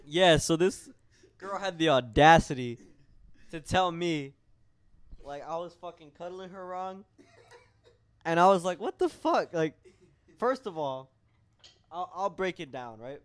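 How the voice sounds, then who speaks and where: A man's voice: on the high side, a little slow, long pauses, clean tone. A young man on a casual podcast, telling his side of a story in a profane, emphatic, indignant way. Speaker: podcast guest.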